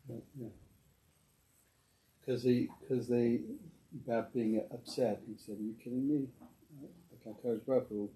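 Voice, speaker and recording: A man, a student in the class, answering quietly and hesitantly, heard from far away. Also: mid-range voice, steady tone, measured pace, long pauses, a little hiss or hum. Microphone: picked up from far away. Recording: distant in an echoey room.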